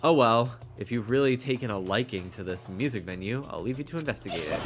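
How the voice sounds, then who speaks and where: Over game music and some background noise, a young man plays through a let's play, reading on-screen text aloud and chatting in a rambling way packed with fillers like "like" and "um." He speaks a little fast in a fairly low, expressive voice, hardly pausing.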